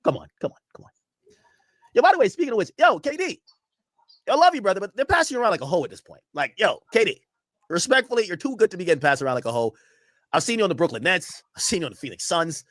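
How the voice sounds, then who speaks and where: A man's voice: high-pitched, rapid-fire, dry recording, studio quality. A young man streaming a casual reaction, rambling and swearing freely as he riffs to his chat. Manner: animated, profane, rambling banter with chat.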